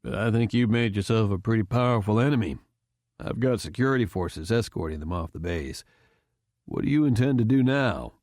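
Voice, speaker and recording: A man's voice: on the low side, lively intonation, fairly quick, a little mellow, no echo, clean studio sound, natural voice. A man voicing a wry, easygoing middle-aged base commander.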